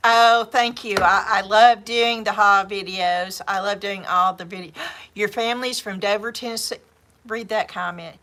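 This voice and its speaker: A woman's voice: mid-range voice, fairly even intonation, moderate pace, fairly bright tone, a little hiss or hum. A woman with a Southern US accent, hosting a livestream in a rambling, chatty way with repeated words and laughs. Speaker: livestream host. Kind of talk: casual chat. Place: home craft livestream.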